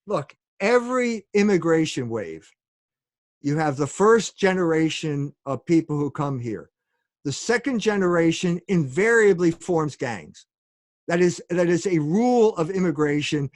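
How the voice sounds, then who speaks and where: High-voiced man lecturing emphatically, dry sound. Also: lively intonation, measured pace, dry recording. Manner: emphatic, asks rhetorical questions, says "okay?" often. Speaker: guest author. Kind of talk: lecturing interview answer.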